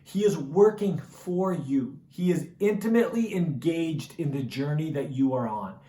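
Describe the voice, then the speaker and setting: A man giving a recorded camp sermon, telling a story with animated energy and then dropping to soft, earnest appeals, in a casual way with "man" and "right?". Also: fairly high pitch, measured pace. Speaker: camp speaker. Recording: echoey room.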